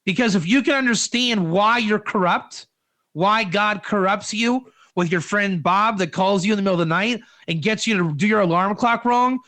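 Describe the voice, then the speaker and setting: A man with a high, bright voice gives an informal Torah class. He rambles from point to point and keeps throwing in rhetorical questions. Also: moderate pace. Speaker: Torah teacher.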